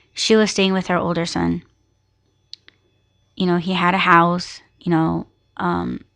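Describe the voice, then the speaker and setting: A young woman talks through a personal family story on her podcast, candid and emotional, with curses mixed in. Her voice sits low, with gravelly fry, and she takes her time. It sounds like an unscripted, heartfelt monologue. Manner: candid and emotional, swears freely. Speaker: podcast host.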